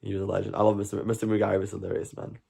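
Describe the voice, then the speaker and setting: A man's voice: on the low side, flat delivery, racing, creaky, mellow, husky. A Scottish man hosting a live stream, chatting earnestly and rambling to his viewers. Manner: earnest, rambling, talks to chat. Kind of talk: casual live stream chat.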